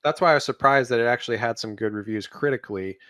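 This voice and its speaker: A man's voice: medium pitch, fast, fairly bright tone, no echo, studio quality. A man co-hosting a podcast in casual chat, blunt and jokey in his opinions. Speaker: podcast co-host.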